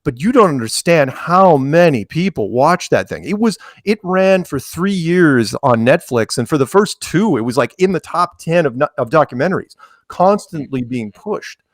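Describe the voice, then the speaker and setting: A man's voice: a little high, moderate pace, no echo, clean studio sound. An American man as an interview guest in a casual podcast chat, telling stories and acting out quoted voices. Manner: animated storyteller, acts out quoted voices.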